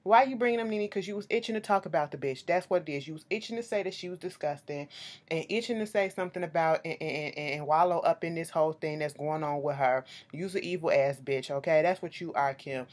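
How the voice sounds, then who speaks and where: A woman with a low voice talks fast as she recaps a reality show. Her casual commentary is blunt, animated and full of swearing, and she often closes her points with "okay?"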